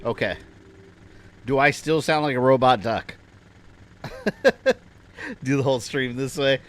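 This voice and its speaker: A man's voice: medium pitch, expressive, slow. Dude streaming a game from his desk, chatty and rambly, pokes fun at himself. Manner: chatty, rambling, self-deprecating. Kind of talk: casual livestream chat. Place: home desk setup.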